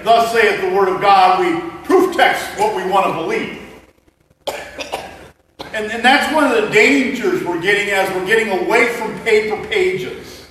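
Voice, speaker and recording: A man's voice: sits high, a bit bright, a little hiss or hum. A man preaching a sermon as a pastor, conversational and joking with the congregation. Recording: echoey hall mic from far off.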